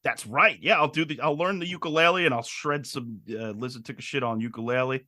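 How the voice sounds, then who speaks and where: A man co-hosting a podcast, telling stories in an excitable, animated casual chat. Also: mid-range voice, fairly quick, no echo, studio quality. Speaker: podcast co-host.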